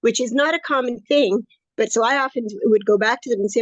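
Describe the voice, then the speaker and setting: A woman in her late 60s, a course student, rambles upbeat through a casual interview conversation. Her voice is a little high and fairly quick, with no echo. The recording is dry and slightly dull.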